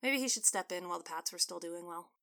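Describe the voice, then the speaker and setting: A woman author narrating her own story in an even, scripted way. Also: lowish voice, quick pace, gravelly.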